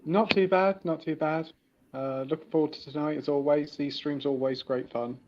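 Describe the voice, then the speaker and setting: A man joining a livestream as a guest, calm and easygoing, over dull lo-fi call audio. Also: on the high side, normal speed. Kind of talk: casual livestream chat.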